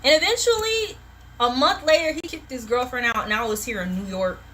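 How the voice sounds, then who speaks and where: Woman, tarot reader, live stream, bright piercing tone, blunt, profane, passionate. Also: high voice, fairly quick, a little hiss or hum.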